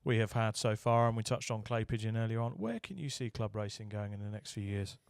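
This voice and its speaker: Low-voiced podcast co-host. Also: male voice, fairly quick, gravelly, smooth, no echo, clean studio sound. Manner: short backchannel replies, asks questions. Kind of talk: casual chat.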